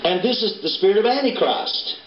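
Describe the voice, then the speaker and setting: A man's voice: high voice, lively intonation, brisk, crowd noise. Folksy preacher man, roomy recording. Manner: folksy, storytelling preacher with a Southern turn of phrase. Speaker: pastor. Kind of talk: sermon. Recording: roomy, dull livestream recording with hiss.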